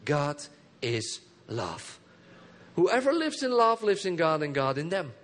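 A pastor delivers an emphatic sermon in a notably high voice for a man. He keeps calling out to his congregation for answers and repetition. His phrases drop low and soft, then rise in sudden bursts. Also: big pitch swings, slow pace. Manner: engages the congregation with call and response.

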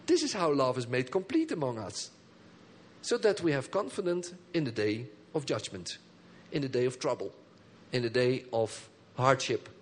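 A man preaching a sermon as pastor. He calls for responses from the congregation and swings between soft, low phrases and emphatic high bursts. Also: sing-song, normal speed. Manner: engages the congregation with call and response.

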